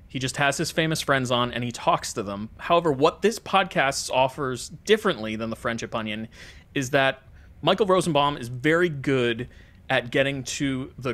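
Relaxed American man, podcast co-host. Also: mid-range voice. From United States. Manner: relaxed, rambling, frequent fillers. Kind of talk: casual podcast chat.

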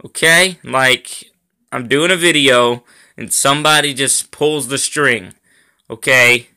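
Man, gaming video host; bright, forceful tone; rambling commentary, filler-heavy, easily irked. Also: medium pitch, slow. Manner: rambling, lots of ums and uhs; irritated at lag, complaining. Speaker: gaming YouTuber. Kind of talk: gameplay commentary.

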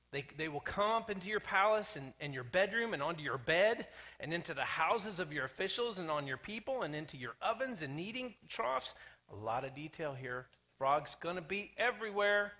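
A male pastor delivering a lively sermon, his voice sitting high and bright. He jokes with the congregation and slips into little acted voices for the characters he quotes. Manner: animated, acts out quoted characters, jokey asides. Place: church sanctuary.

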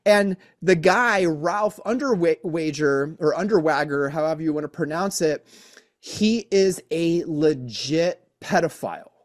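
A man's voice: fairly high pitch, measured pace. A man hosting a podcast in casual chat, earnest and often repeating himself, saying "man" a lot. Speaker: podcast host.

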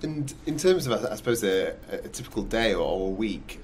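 Low-voiced man asking halting questions. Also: sing-song, darkish tone, a little hiss or hum. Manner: hesitant, halting questions full of ums. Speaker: interviewer. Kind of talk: podcast interview.

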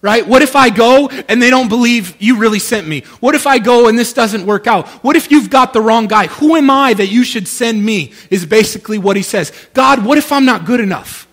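A male pastor preaching a sermon in an animated, conversational way, often checking in with his listeners. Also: very high voice, fairly quick, few pauses.

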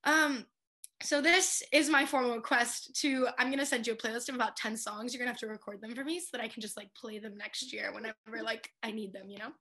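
High bright young woman, tearful tribute. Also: steady tone, quick pace. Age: 20s. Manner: tearful, laughing through words, many "like" fillers. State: crying. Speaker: a cappella group member giving a senior tribute. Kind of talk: emotional tribute speech.

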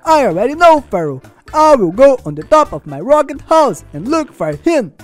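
A woman's voice: high-pitched, normal speed, soft background music. A woman doing Julius, a boastful cheerful hero. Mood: excited. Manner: excited, playful, giggly. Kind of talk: fan-made game machinima voice acting.

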